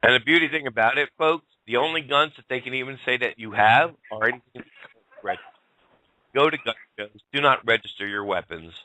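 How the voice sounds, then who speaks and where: A man's voice: medium pitch, brisk, sharp tone, dry recording, rough recording. A man hosting a talk show, ranting bluntly and heatedly. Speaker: show host.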